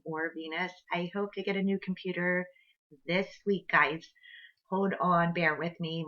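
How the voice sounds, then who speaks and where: A woman giving a casual tarot reading to camera, earnest and rambling with many fillers, recorded on an old computer microphone. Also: sits low. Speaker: tarot reader. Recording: dull lo-fi computer audio.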